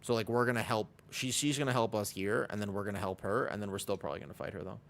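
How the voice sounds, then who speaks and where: Guy streaming a game, low voice, rambles and chats with viewers. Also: quick pace, creaky. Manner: rambling, lots of "like" fillers. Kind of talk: casual livestream chat.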